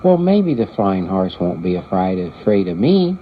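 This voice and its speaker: A man's voice: low-pitched, very animated, moderate pace, narrow, tinny audio, slight background noise. An older man voicing a hopeful little girl bear cub in a bedtime story.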